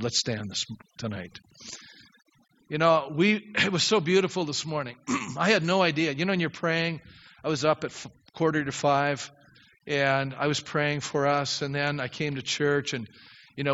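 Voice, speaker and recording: A man's voice: mid-range voice, fairly bright tone, long reverb tail, muffled recording. A male pastor preaching a sermon that builds into an impassioned prayer.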